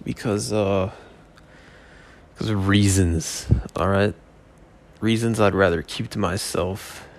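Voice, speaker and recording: A man hosts his own podcast in a loose, rambling solo chat. His voice sits low and he speaks slowly and unhurriedly. He sprinkles in profanity and jokey asides. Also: creaky. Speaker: podcast host.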